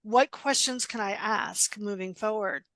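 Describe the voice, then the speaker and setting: A middle-aged woman coach, guesting on a casual interview podcast, tells stories bluntly and directly, acting out dialogue and laughing often. Her mid-range voice is unhurried, animated, and recorded dry.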